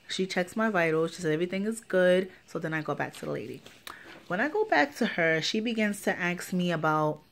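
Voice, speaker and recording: A pregnant young woman vlogging a casual story time, ranting with lots of swearing and acting out the people she quotes. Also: deep voice. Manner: animated, profane ranting with lively quoted dialogue.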